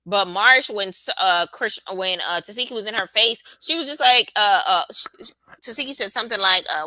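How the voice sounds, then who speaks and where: A woman's voice: medium pitch, expressive, brisk, bright, forceful tone, dry recording. Sassy woman hosting a live reaction stream. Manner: chatty, sassy, talks back to her live chat. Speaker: live-stream show host. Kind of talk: casual reality-TV reaction chat.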